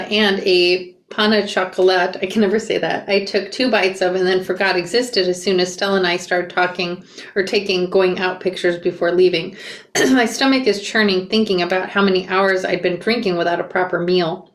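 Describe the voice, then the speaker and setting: A woman reading a memoir aloud and breaking off for quick asides and self-corrections. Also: medium pitch. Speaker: reader reacting to a memoir. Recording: roomy echo.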